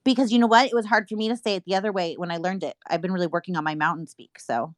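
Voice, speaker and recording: A woman's voice: lowish voice, very fast, dry recording. A young woman from California with a Bay Area accent, hosting a casual livestream chat and teasing her callers. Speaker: livestream host.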